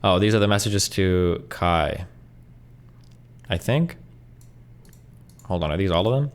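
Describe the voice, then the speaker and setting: A male streamer reading messages aloud quickly, breaking in with blunt asides and swearing. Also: fairly low pitch, smooth. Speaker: streamer reacting to online posts.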